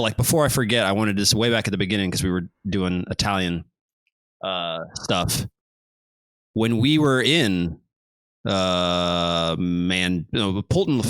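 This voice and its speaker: A man's voice: on the low side, fairly bright tone, no room sound. A man hosting a podcast, telling a rambling story in casual chat and laughing often. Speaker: podcast host.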